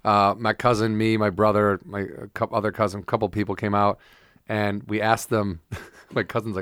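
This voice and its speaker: Male podcast co-host, casual storyteller, middle pitch, dry close mic. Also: flat delivery, normal speed, a bit bright, no room sound. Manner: loose storyteller, acts out quotes with bursts. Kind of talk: casual chat.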